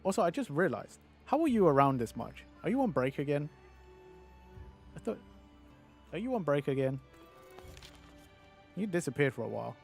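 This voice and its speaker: A man's voice: a little high, sing-song, normal speed, creaky, long pauses, soft background music. A British man streaming a game in casual chat, rambling, swearing and answering his viewers.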